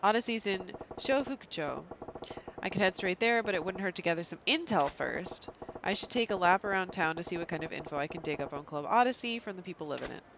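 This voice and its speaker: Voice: medium pitch, lively intonation, fairly quick, vocal fry, noisy background. A game streamer giving casual, self-mocking commentary and reading menus aloud while playing. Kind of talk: casual let's-play commentary.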